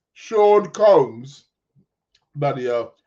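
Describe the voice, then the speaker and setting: A man hosts a casual live-streamed chat, his voice sitting fairly high for a man. He rambles, laughs and trips over his words, correcting himself as he goes. The audio is dull and lo-fi. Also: lively intonation, very slow, a little mellow. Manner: chatty and rambling, with fillers, laughs and self-corrections. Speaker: podcast host.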